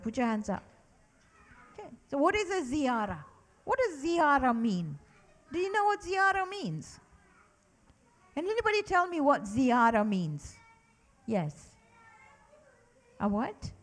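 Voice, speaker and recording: A middle-aged woman teaches a roomful of children, her voice pitched a little high and full of questions. She keeps them involved, pausing for answers and leading them through repeated recitations. The tone is patient and encouraging throughout. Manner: animated, asks children many questions; leads call-and-response recitation. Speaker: children's lecturer at a mosque. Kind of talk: religious lesson for children.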